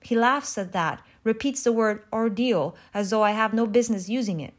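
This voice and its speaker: Woman narrating a story, measured. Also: fairly high pitch. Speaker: audiobook narrator. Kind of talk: scripted narration.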